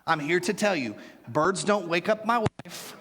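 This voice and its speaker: A middle-aged man preaching a sermon as pastor, animated and joking with playful asides to his congregation. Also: sits high, unhurried, long reverb tail. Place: church sanctuary.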